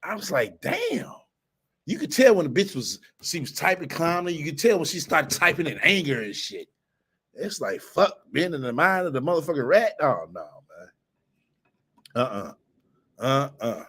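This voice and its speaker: A man hosting a casual commentary stream. He swears freely, mocks and laughs often, and his voice swings up and down with lively pitch. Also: moderate pace, slightly rough. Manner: profane, mocking, laughs often. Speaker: host.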